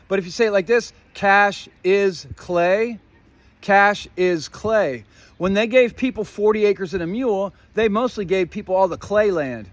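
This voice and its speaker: A man with a notably high voice rants to his viewers in a long, profane monologue. He jumps from one theory to the next, toys with puns, and keeps asking "guess what". He addresses the audience directly throughout. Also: dry recording. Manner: profane, swears often; rambling, jumps between topics, plays on words. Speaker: vlogger. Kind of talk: rambling conspiratorial monologue.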